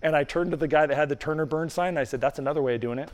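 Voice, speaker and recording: A man's voice: fairly high pitch, rapid-fire, noisy background. A man preaching a sermon, telling a story in a conversational way and acting out the dialogue, then leading a prayer. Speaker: pastor. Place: church hall. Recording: reverberant hall.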